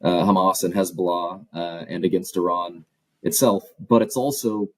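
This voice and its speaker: A man, a professor being interviewed, answering in a measured, analytical way with concise phrasing. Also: sits low, fairly even intonation, darkish tone, dry recording, poor audio. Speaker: guest author and professor.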